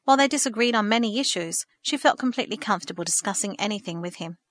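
A woman reads a story aloud in a steady, measured storytelling voice at a middle pitch. The recording is dry and close, with no room echo. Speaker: narrator. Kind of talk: scripted storybook narration.

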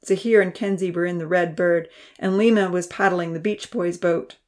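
A woman's voice: steady tone, normal speed. Woman reading a storybook aloud. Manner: reads characters' lines with raised pitch and soft whispers. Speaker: narrator. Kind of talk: storybook narration.

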